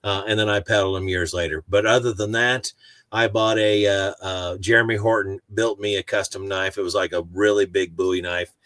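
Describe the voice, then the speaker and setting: A man with a fairly low voice, recorded dry and close, hosting a casual podcast. He tells chatty, teasing stories at an easy pace. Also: fairly even intonation, a little fast, a bit bright, dry recording. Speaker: podcast host. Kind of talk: casual podcast chat, storytelling.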